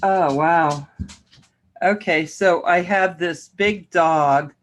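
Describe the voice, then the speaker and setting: A woman's voice: on the low side, extremely slow. A woman hosting a casual livestream, greeting viewers by name and laughing often as she chats. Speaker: livestream host.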